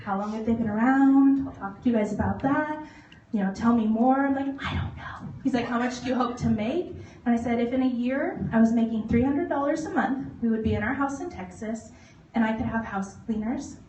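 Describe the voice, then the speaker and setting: A woman in her thirties tells her personal story to a live audience, animated and quick to laugh as she acts out little voices. Her voice sits a bit high. She is heard from a distance in an echoey hall with faint noise underneath. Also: lo-fi sound. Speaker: motivational speaker. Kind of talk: testimonial talk to an audience. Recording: echoey hall recorded from far off.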